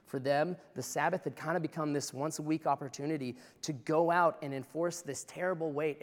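A man's voice: on the high side, in a large hall. A male pastor preaching a sermon in a church in a conversational, impassioned way.

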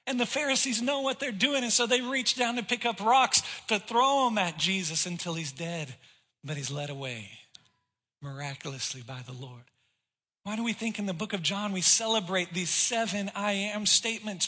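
A man preaching a sermon, telling stories with sudden swings between loud emphasis and hushed lines. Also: high voice, moderate pace, slightly rough. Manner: animated storytelling with sudden loud and hushed turns. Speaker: pastor.

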